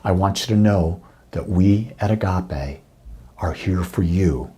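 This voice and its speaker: In a spiritual talk, a male minister uses a low, very breathy voice, frequently whispering his phrases. He offers slow, deliberate affirmations in a soft, intimate manner.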